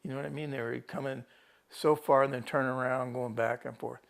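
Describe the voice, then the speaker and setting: Gravelly-voiced man recounting an ordeal. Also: medium pitch, fairly even intonation, brisk. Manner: rambling storyteller, restarts and quotes his own thoughts. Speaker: rescued hiker interviewed by a TV reporter. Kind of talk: casual first-person account.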